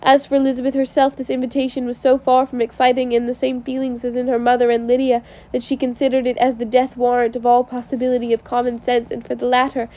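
A woman reads a classic novel aloud for an audiobook, her voice sitting high. She keeps a steady reading pace and now and then stumbles over a word and starts it again. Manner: reads with small slips and restarts. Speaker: audiobook reader.

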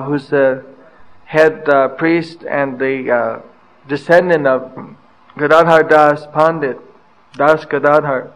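An older man giving a scripture class, telling stories from his travels and pausing often with fillers. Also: on the high side, poor audio. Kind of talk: anecdotal scripture lecture.

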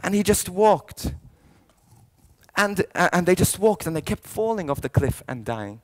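A priest telling a story in a youth sermon, swinging from soft lines to loud ones and often restarting his words. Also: high-pitched, unhurried. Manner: animated storyteller, jumping between hushed lines and loud shouted quotes; frequent restarts and repeated words.

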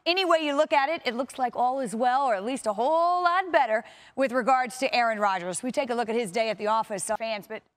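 Fast-talking woman sports host. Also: fairly high pitch. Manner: conversational, leads the panel with quick questions. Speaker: studio host. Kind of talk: sports studio discussion.

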